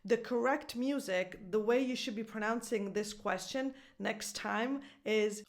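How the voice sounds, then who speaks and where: A woman in her thirties whose first language is Italian gives an English pronunciation lesson straight to camera. Her voice sits at an ordinary middle pitch. She sings out practice questions with exaggerated rhythm and stress. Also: measured pace. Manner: exaggerated sing-song stress on example phrases.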